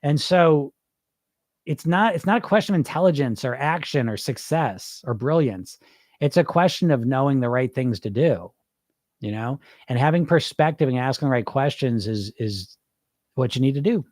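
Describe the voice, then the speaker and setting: A middle-aged weight-loss coach talks bluntly and informally on a live podcast, answering listeners and throwing rhetorical questions at them. His mid-range voice is animated and slightly mellow, at a normal pace. The audio is studio quality with no echo.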